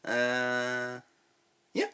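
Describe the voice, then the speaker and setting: An English man hosting a reaction video, talking casually and excitably as he thinks out loud. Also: medium pitch, smooth. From England. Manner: excitable, thinks aloud, quick laughs.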